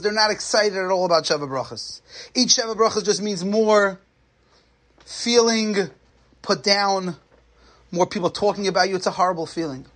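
A man giving a sermon, telling a story in an animated, dramatic way. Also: high-pitched. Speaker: lecturer.

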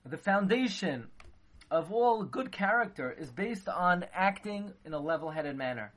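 A rabbi gives a Torah lecture in a high, fairly bright voice, animated yet at a measured pace. He performs dialogue aloud and leans heavily on Hebrew and Yiddish terms.

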